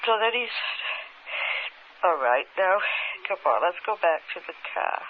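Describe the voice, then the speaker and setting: A woman slowly recounting a memory under hypnosis, in halting, hesitant present-tense speech with many restarts. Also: on the low side, lively intonation. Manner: slow, dreamy present-tense recall. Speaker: hypnosis subject. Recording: tinny old archive tape with faint hiss.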